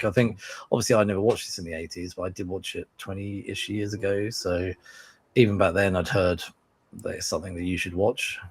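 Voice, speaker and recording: A man hosting a casual film-review podcast, talking haltingly and steering the group discussion. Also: low-pitched. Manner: halting, many fillers and restarts. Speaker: podcast host.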